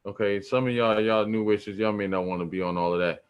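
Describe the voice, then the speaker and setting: A man's voice: on the low side, steady tone, brisk, clean tone, lo-fi sound. A man teaching about spirituality in a loose, slangy, preachy way, repeating points for emphasis. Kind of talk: casual spiritual teaching talk.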